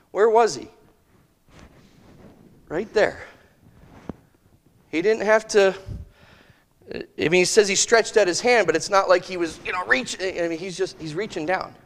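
A man preaching a sermon in a conversational way, thinking aloud with restarts and slowing to give quoted scripture weight. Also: sits high, in a large hall. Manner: slow, emphatic phrasing of quoted scripture.

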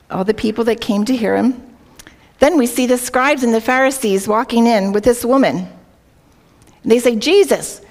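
Wearing a worn microphone, a woman delivers an earnest devotional talk to a women's group, combining an anecdote with scripture and regularly turning to listeners with questions. Her voice is fairly high with a darkish tone.

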